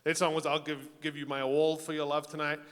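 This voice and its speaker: A man's voice: fairly high pitch, level tone, brisk, a bit bright, clear, resonant tone. A man with a non-American accent hosting a college talent show, cracking rambling self-deprecating jokes on stage. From outside the United States. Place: stage in a hall with audience. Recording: long hall reverb.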